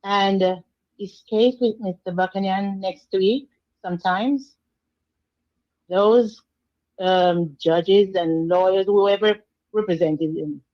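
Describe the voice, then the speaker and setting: Slow Jamaican woman calling in by phone. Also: medium pitch. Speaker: caller. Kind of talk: phoned-in call to a talk show. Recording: muffled phone line.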